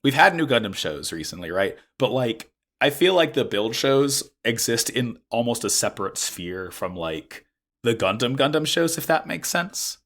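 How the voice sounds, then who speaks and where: A young man hosting a podcast in casual chat, hoarse from an illness, talking in an excitable, animated way. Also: medium pitch, moderate pace. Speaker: podcast host.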